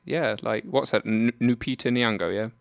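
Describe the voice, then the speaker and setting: A man's voice: mid-range voice, normal speed, gravelly, clear, resonant tone, no room sound. A man from South Africa co-hosting a casual chat, offering dry, skeptical asides. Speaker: podcast co-host.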